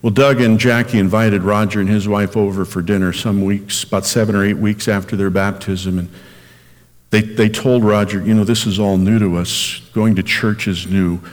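A senior minister preaches a sermon recorded for radio, his voice rising sharply to stress key phrases. He speaks on the low side in a steady tone at normal speed, with long hall reverb around him.

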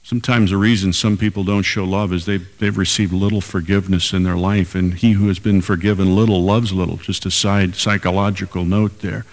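A man's voice: sits low, flat delivery, a little fast, hardly any pauses. Older man preaching in a reverberant hall. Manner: emphatic preaching, repeating lines for weight. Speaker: pastor. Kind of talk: sermon.

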